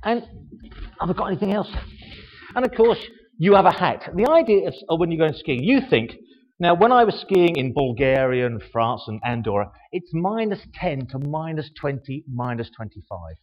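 An older man speaks in a chatty, self-mocking way, tossing rhetorical questions at his listeners. His voice sits a little high and swings widely in pitch. The sound is dull and rings with long hall reverb. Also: big pitch swings, normal speed. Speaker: speaker giving a talk. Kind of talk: informal show-and-tell talk.

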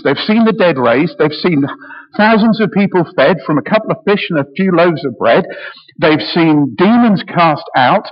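A middle-aged British man preaching a sermon, emotional and passionate, often repeating words as he goes. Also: sits high. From Britain. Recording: echoey hall, dull sound.

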